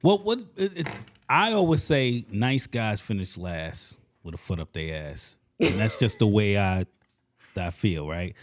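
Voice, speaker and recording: A man's voice: fairly low pitch, animated, unhurried. A man co-hosting a casual podcast, telling emphatic stories and acting out the dialogue. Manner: emphatic storyteller, acts out dialogue. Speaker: podcast co-host.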